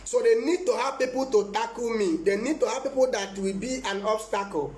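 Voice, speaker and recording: A man's voice: very high voice, brisk, a little mellow, roomy sound. A man preaching as a prophet in a live-streamed sermon, emphatic and repetitive, often breaking into laughter.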